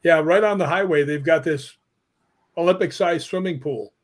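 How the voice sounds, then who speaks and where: A man who is a podcast guest, telling animated anecdotes in casual chat. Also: fairly high pitch, normal speed.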